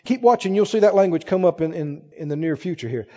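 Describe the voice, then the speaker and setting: A man's voice: high voice, fast, dark tone, big-room sound, dull audio. A man preaching a sermon to a congregation, reading scripture aloud with rising, fervent emphasis and asking the crowd questions. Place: church with congregation.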